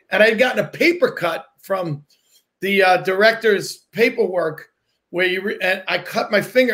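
A man's voice: high voice, fairly bright tone. A man in a casual chat, telling a story animatedly and acting out quotes, with some swearing. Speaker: comedian guest.

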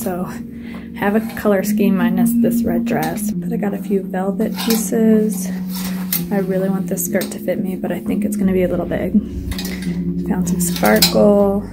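A woman's voice: medium pitch, fairly even intonation, moderate pace. A young woman, congested from a cold, chatting casually and upbeat as a thrift vlogger. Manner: chatty, upbeat, filler-heavy. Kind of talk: casual vlog chat. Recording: music playing behind the voice.

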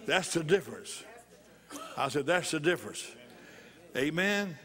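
A man's voice: a little high, lively intonation, measured pace, a bit bright. Man preaching a joyful sermon. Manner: repeats phrases for emphasis, bursts into laughter. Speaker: pastor.

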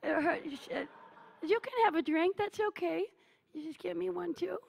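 A woman's voice: very high voice, moderate pace, vocal fry, a little mellow, exaggerated voice. A woman playing a needy, self-obsessed aging female cabaret diva, gushing and melodramatic as she teases the audience from a theatre stage. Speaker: cabaret performer. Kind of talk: live stage character comedy.

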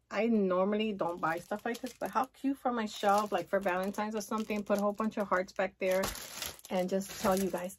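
A woman chatting excitedly and gushing as she shows off a shopping haul in a casual vlog. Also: medium pitch, moderate pace, slight background noise. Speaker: haul vlogger.

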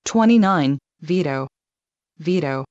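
A woman reading a numbered vocabulary list, saying each word twice in a measured, even way. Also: low voice, dry recording, lo-fi sound.

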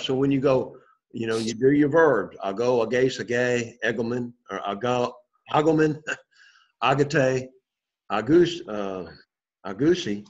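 A man teaching a Greek lesson, patiently leading the class to repeat words after him. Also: medium pitch. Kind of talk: classroom lesson with call-and-response drills. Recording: dull lo-fi classroom recording.

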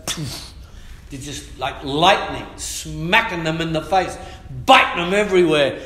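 A middle-aged man, preaching a fiery sermon in church, sometimes shouting. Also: fairly high pitch, unhurried. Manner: fiery, shouting and humming out rhythms. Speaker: pastor. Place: church hall. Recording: echoey church hall.

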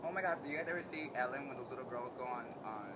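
A man's voice: mid-range voice, racing, heavy background noise. A man who performs in drag, chatting and joking campily between takes at an outdoor video shoot in the rain. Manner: campy, joking, playfully crude. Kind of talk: casual behind-the-scenes chat.

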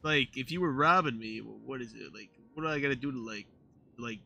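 A young man streaming in-character role-play chat, excitable and prone to loud exclamations. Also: medium pitch, a little fast, vocal fry, slight background noise.

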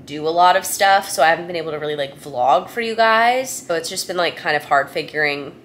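A woman's voice: deep voice, a little fast. Young woman vlogging at home, super gushy, says like a lot, kinda hissy noisy audio. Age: young adult. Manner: gushing, excitable, heavy use of "like". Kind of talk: casual vlog chat. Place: her apartment at night.

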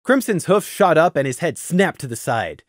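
A man narrating a story in a lively, expressive reading voice. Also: on the high side, normal speed, no room sound, clean studio sound. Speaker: audiobook narrator.

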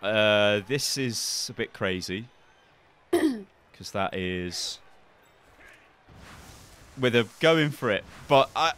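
A man's voice: on the low side, big pitch swings, very slow, pauses often, fairly bright tone. Chuckling man muttering game moves. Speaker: gamer playing against a friend. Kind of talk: casual gameplay chat.

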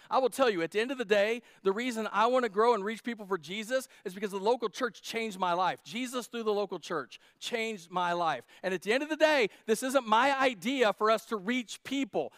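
A male pastor preaching a sermon, animated and humorous, jumping between loud emphasis and quiet asides to his congregation. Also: very high-pitched, no echo, clean studio sound. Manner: humorous, talks directly to the congregation.

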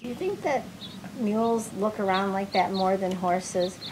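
A woman's voice: medium pitch, a little slow, noisy background. A woman at a ranch who asks the trainer curious questions about her own mule. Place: outdoors at a ranch.

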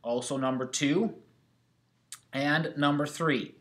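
A man's voice: medium pitch, slow. Man teaching a catechism lesson. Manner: reads scripture aloud, numbering answers. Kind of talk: recorded classroom lesson.

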